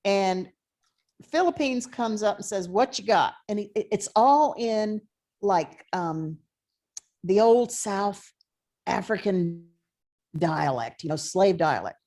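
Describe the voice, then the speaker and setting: A woman's voice: medium pitch, lively intonation, takes it slowly, long pauses, warm tone. A woman professor giving an online history lecture in a conversational way, thinking aloud with frequent fillers.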